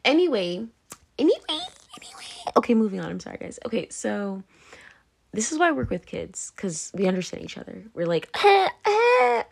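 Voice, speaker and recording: A woman's voice: medium pitch, very animated, normal speed, vocal fry, slightly rough. A tipsy woman hosting her own podcast, rambling loosely in a casual monologue and breaking off with "anyway, moving on" as she laughs and slips into whispers. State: tipsy, drunk. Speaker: podcast host.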